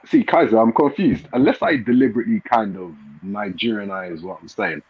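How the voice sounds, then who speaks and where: An English man in a casual chat, hesitant and repeating his words, with a lively tone. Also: fairly low pitch, brisk, slightly rough. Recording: tinny dry phone-like line.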